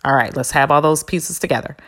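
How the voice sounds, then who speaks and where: A podcast host tells a personal story in a casual monologue, candid, blunt and profane, with slangy asides. Her voice sits low and a bit bright, and she talks fast.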